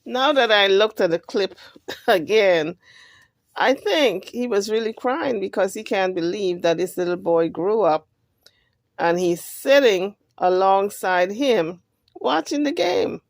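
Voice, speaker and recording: A woman hosting a channel, giving casual commentary on a clip and thinking out loud. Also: medium pitch, lively intonation, slow, no room sound, clean studio sound. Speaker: channel host.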